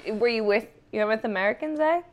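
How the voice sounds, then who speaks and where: A woman's voice: fairly high pitch, rapid-fire, muffled recording, slight background noise. A young adult woman comedian hosting a podcast, chatting casually in a rambling, self-mocking way and laughing often. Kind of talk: casual chat.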